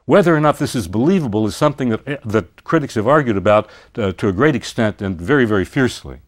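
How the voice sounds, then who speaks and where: An older man giving a university literature lecture, retelling a story with animated emphasis. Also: medium pitch, fast.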